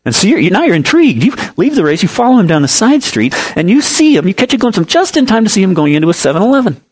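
A man preaching a sermon, telling a lively parable and explaining scripture, with animated rises in pitch for emphasis. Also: quick pace, breathy edge. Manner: explains Greek word meanings. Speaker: pastor. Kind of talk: sermon with storytelling.

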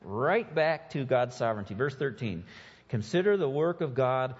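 Guy preaching a sermon, really lively ups and downs, kinda husky, dull lo-fi sound with a long church echo. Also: mid-range voice, moderate pace. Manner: animated preaching with mocking put-on quotes. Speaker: pastor.

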